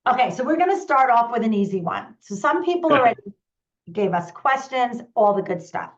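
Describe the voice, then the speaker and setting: A woman hosting a live online conversation as a parenting coach, upbeat and eager, rattling off points in quick runs. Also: a little high, sing-song, muffled recording.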